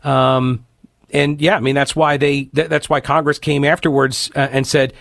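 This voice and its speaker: A man hosting a political talk radio show, giving animated, exasperated commentary with many fillers and restarts. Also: fairly high pitch, normal speed, vocal fry, dry recording, clean studio sound.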